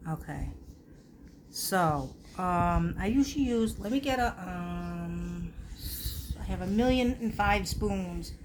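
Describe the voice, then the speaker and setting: A woman's voice: on the low side, slow. Casual woman host talking through a craft project, playful and self-deprecating, light background hiss. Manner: chatty, self-mocking, animated asides. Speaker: crafter hosting a craft video.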